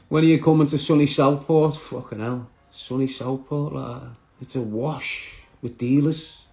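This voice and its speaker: A man's voice: medium pitch, steady tone, takes it slowly, warm tone. A man, chatting brashly on a live stream and answering viewer comments. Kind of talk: casual live stream chat.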